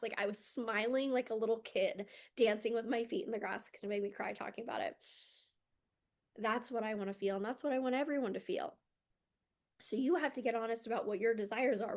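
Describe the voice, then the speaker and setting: A woman's voice: a little high, darkish tone. A woman talking as a spiritual mentor in a heartfelt motivational monologue, earnest and emotional, often saying "like", recorded at home. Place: home room with candles and rugs.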